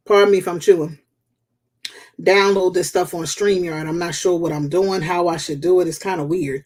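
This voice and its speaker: A woman's voice: lowish voice, steady tone, normal speed, a little mellow. A woman hosting a live stream and chatting casually, open and candid in a loose, conversational way. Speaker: host.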